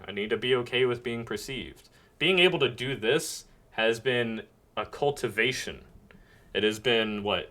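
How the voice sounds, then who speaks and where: A man's voice: mid-range voice, a bit bright. A man streaming a casual, earnest and rambling monologue, reflecting on himself at his computer mic. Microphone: webcam mic at a computer.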